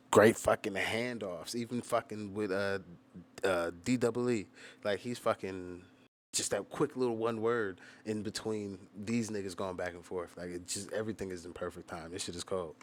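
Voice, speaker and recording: Very deep-voiced American man, loose and profane. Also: a little hiss or hum. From United States. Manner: loose and profane, heavy use of "like". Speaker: rapper reacting to music videos. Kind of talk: casual reaction commentary.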